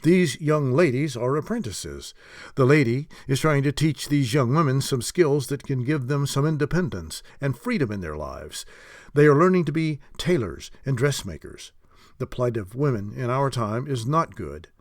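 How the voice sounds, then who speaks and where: A man reading an audiobook, voicing an old wise wizard who speaks courtly and sharp in a dry, close sound. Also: medium pitch, lively intonation, no echo, close to an everyday voice. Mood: explaining. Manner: gracious, lecturing, quick to snap. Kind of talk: audiobook character voice.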